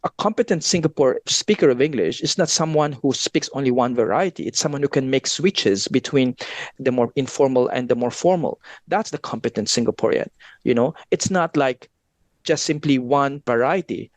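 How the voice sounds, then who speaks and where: A man's voice: medium pitch, normal speed, no room sound. A man, a guest researcher, explaining his ideas earnestly and at length in an interview. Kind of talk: academic interview chat.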